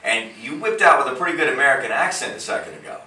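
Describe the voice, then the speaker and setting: Male radio host, chatty and jokey, bright tone, echoey room, mic a bit far off. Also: mid-range voice, lively intonation, fast. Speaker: radio morning show host. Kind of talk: casual chat interview. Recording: echoey room, distant mic, faint noise.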